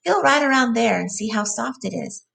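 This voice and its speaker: A woman's voice: fairly high pitch, lively intonation, moderate pace, creaky, a bit bright, far from the mic, voice pushed up, full character voice. Woman reading as a vain young ranch wife. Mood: teasing.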